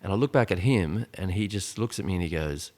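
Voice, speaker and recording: Podcast guest, male, around 40, deep voice, loose storyteller who keeps restarting. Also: expressive, brisk, darkish tone. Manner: rambling, full of restarts and "like". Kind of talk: casual storytelling conversation.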